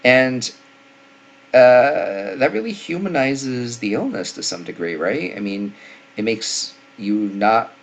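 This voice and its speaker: Snarky male medic commentator, low voice, casual and opinionated, lots of fillers. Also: slight background noise. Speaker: paramedic and nurse commentator.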